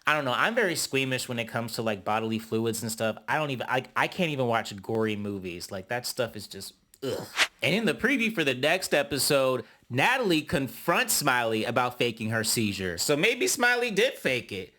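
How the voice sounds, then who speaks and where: A young man giving a sassy, dramatic recap of a reality show, often mimicking cast members in high voices. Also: very animated, fairly quick, hardly any pauses, pushed and bright. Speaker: YouTube reality TV reviewer. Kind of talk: casual commentary recap.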